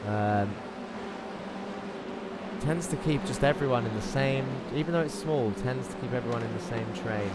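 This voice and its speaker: Brief: man, race caster for online sim racing, chatty and excitable, mid-pitched, loud car engine noise running under the voice. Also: normal speed, long pauses. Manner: chatty, excitable, reads out viewer chat. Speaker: race commentator and host. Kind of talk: live sim racing commentary.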